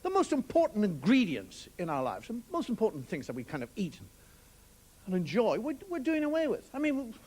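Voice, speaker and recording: A man's voice: sits high, wildly swooping pitch, brisk, a little mellow, slightly rough. An Irish man doing a stand-up routine on television, musing wryly and swearing casually as he talks. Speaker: stand-up comedian. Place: television studio with live audience. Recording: broadcast audio with audience laughter and noise. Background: audience laughter.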